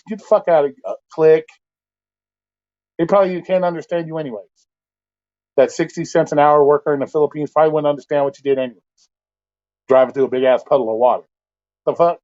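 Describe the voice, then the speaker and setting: A man's voice: a little high, quick pace, darkish tone, muffled recording. A man hosting a casual livestream, ranting bluntly with heavy profanity and exasperation. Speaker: livestream host.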